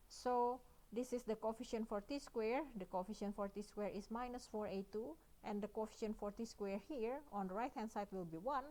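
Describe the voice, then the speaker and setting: A woman's voice: on the high side, a little mellow. A woman with an Indonesian accent giving a recorded math lecture, working through each step and often checking in with "yeah" and "right?".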